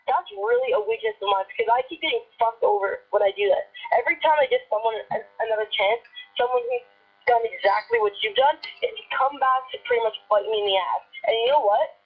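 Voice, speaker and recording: A young woman with a husky, fairly high voice, upset and scolding someone on a phone call. The line is thin and tinny, with the muffled sound of a phone recording. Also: brisk. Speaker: caller. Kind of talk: heated phone argument.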